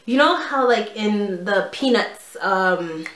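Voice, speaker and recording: A young woman telling a storytime vlog in a casual, animated way, full of "like" and quoted dialogue. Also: mid-range voice, takes it slowly. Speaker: vlogger. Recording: echoey room.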